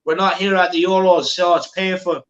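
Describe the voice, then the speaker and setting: A man's voice: sits high, little pitch movement, fairly quick, roomy sound, muffled recording. Chatty man hosting a football watchalong. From Ireland. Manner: chatty, reads viewer comments, banter with co-host. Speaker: watchalong host. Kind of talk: live football watchalong chat.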